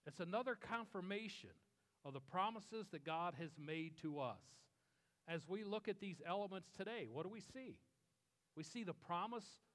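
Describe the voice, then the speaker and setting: A middle-aged male pastor preaching with an earnest, storytelling manner, slowing down for emphasis. His voice is fairly high and smooth. It carries the long reverb of a large hall. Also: a bit bright. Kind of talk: sermon.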